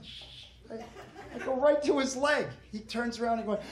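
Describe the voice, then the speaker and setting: A man performing a stand-up comedy set, brash and punchy, with crude jokes and quick character voices. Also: very high-pitched, expressive. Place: comedy club stage before a laughing audience. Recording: roomy live club recording with audience noise.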